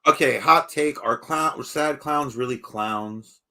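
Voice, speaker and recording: A man's voice: mid-range voice, slow pace, over a noisy crowd. A man co-hosting a podcast, chatting casually in a laid-back, rambling way with lots of filler phrases. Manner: laid-back, rambling, says "you know what I mean". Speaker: podcast co-host. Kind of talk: casual chat.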